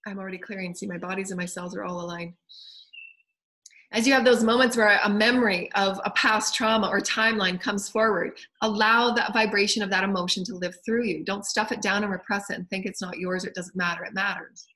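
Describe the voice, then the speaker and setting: A woman delivers an impassioned spiritual address at a medium pitch. She stacks repeated phrases with fervent emphasis. She often sinks into a soft, hushed tone. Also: steady tone, brisk. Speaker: spiritual channel.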